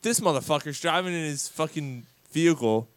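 A man co-hosting a casual pub sports show, telling a long story in an animated, cursing way and acting out his own lines. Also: on the high side, brisk, no room sound. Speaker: podcast co-host.

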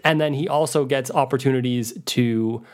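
A man's voice: medium pitch, steady tone, moderate pace. A man co-hosting a podcast, chatting eagerly about guitar tones and bands, laughing easily. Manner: enthusiastic guitar nerd, easy laughs. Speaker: podcast co-host. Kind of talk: casual music discussion.

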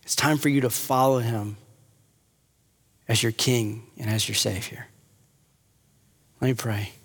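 A man's voice: medium pitch, fairly even intonation, measured pace, breathy edge. A man preaching an earnest sermon as a pastor, rising at times to impassioned appeals. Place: church hall with audience. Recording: long hall reverb.

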